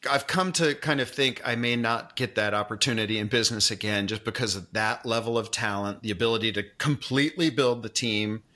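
A man's voice: on the low side, a little fast, few pauses, sharp tone. A man hosting an interview podcast, chatting casually and thinking aloud with frequent restarts. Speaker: podcast host interviewing a guest.

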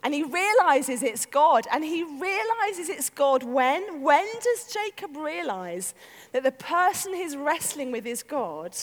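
High lively lady preaching, big swoopy voice, echoey church hall. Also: slow pace. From North London. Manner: animated, acts out voices, laughs often. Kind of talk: lively storytelling sermon.

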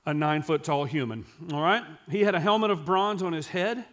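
A man preaching a sermon who reads scripture aloud and pauses to explain it, sometimes dropping to a quiet, intense voice for emphasis. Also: a little high.

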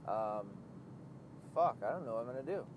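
A man's voice: medium pitch, moderate pace. Profane man rambling while driving. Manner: profane, rambling, loses his train of thought. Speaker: vlogger. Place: inside a car on the road. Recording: steady car road noise.

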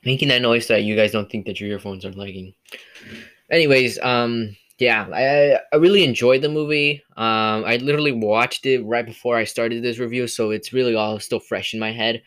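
A man's voice: medium pitch, fairly even intonation, normal speed, a bit bright, smooth. A man hosting a casual solo movie review podcast, rambling with many fillers and restarts, from California. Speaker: podcast host.

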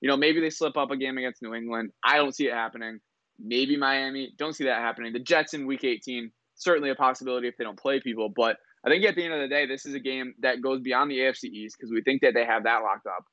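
A man co-hosting a sports talk show, breaking down games in quick, energetic analysis with jokey asides. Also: mid-range voice, no room sound, dull audio. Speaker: co-host.

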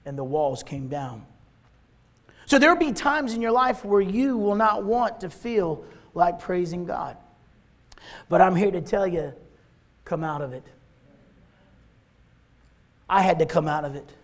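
A man preaching a sermon as pastor, emphatic and repetitive, driving his points home. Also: high voice.

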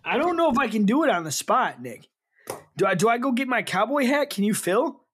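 A man's voice: very high voice, big pitch swings, a little fast, fairly bright tone, slight background noise. A man co-hosting a casual podcast chat, rambling and flustered, repeating himself as he talks. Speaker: podcast co-host.

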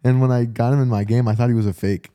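A man's voice: mid-range voice, steady tone, fast talker, dark tone, no echo. A young man co-hosting a podcast, telling a rambling story with lots of restarts in casual chat. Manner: rambling, laid-back, trailing restarts. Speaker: podcast co-host.

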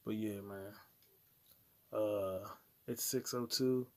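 A man's voice: on the low side, fairly even intonation, takes it slowly, darkish tone. A man hosting a solo podcast, rambling crudely and profanely from topic to topic. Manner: crude, profane, jumps between topics, puts on mock voices. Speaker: podcast host.

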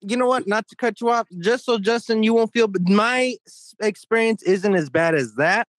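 A young man with a slightly high voice rambles through a crude, profane story, his emphasis jumping around as he goes. He is close to the mic in a dry, dead-sounding room with no echo at all. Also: normal speed. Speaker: podcast co-host. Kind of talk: casual crude podcast banter.

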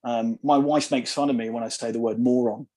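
A man with an English accent that now and then takes on an American twang talks through his past in a relaxed podcast conversation. His voice is slightly husky, and he often stops to restart a thought. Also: medium pitch. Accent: English, with an occasional American twang. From England. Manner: reflective, halting, with frequent restarts. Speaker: podcast guest. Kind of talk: casual conversation.

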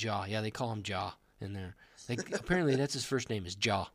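A young man co-hosts a casual podcast chat, joking and rambling along. His voice sits low with a gravelly, fried edge. The sound is dry and close. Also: animated, brisk, fairly bright tone, dry recording. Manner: joking, rambling, laughs often. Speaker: podcast co-host.

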